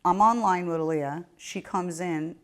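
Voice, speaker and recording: A woman with a Staten Island accent hosting a podcast, telling a story in a brash, profane, animated way. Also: fairly low pitch, a little slow. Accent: Staten Island New York. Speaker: podcast host. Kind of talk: casual storytelling chat.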